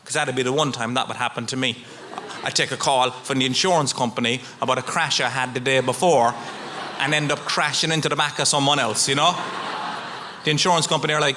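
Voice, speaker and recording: A man's voice: mid-range voice, brisk, background noise. A man in his thirties with an Irish accent, performing a stand-up routine and acting out the people in his stories. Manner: animated storytelling, acts out characters. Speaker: stand-up comedian. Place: comedy venue with audience.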